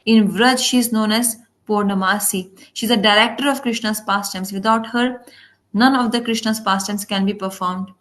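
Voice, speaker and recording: A woman's voice: mid-range voice, steady tone, moderate pace, fairly bright tone. A woman giving a devotional class, telling stories and acting out quoted speech, often restarting words mid-way. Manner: storytelling, acts out quoted speech; frequent restarts and self-corrections. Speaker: spiritual teacher.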